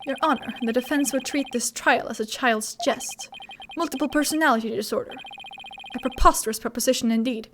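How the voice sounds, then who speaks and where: A woman's voice: sits high, brisk, fairly bright tone, a little hiss or hum, voice pushed down. A woman voicing a haughty, formal young male prosecutor with a stiff, condescending delivery. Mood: cold. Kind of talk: fan voicing of a game's dialogue.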